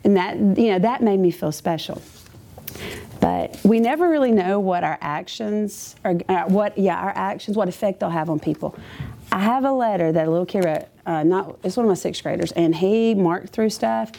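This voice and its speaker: A woman's voice: mid-range voice, moderate pace, vocal fry, mellow. A woman schoolteacher giving a chatty, humorous faith testimony to a live audience, full of asides. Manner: chatty, self-deprecating and humorous, with many asides.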